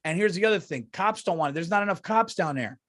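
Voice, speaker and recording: Middle-aged New guy, podcast host, fired-up profane rant, voice sits a touch high. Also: lively intonation, fast, a bit bright. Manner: heated, profane, repetitive ranting. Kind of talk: casual comedy podcast rant.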